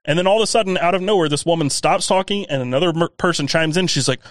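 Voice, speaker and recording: A man's voice: on the high side, fast, no room sound. Man, faint southern accent, ranting podcast chat, dry close sound. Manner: ranting, animated, swears freely. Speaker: podcast co-host. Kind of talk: casual chat.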